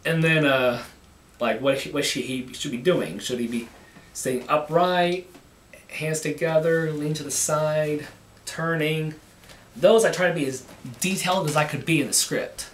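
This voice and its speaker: A man casually talking about making his own film, halting and often repeating words as he restarts. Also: on the high side, slight background noise. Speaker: amateur filmmaker. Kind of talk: casual behind-the-scenes talk. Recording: echoey room, mic at a distance.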